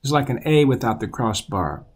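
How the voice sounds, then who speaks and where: A man with a mid-range voice teaches children the alphabet at normal speed. He patiently repeats each letter aloud in a steady voice.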